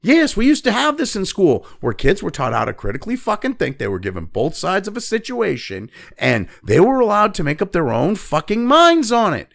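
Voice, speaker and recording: Gravelly high-pitched man ranting angrily. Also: huge pitch swings, a little fast, few pauses, a bit bright. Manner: angry, mocking, heavy swearing. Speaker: political commentary host. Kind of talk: profane opinion rant.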